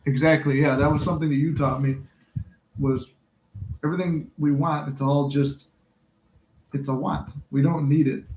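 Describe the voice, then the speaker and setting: A man's voice: on the high side, little pitch movement, normal speed, long pauses, a little mellow, roomy sound, slight background noise. A man hosting a casual live chat who jokes, laughs often and acts out movie scenes. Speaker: podcast host.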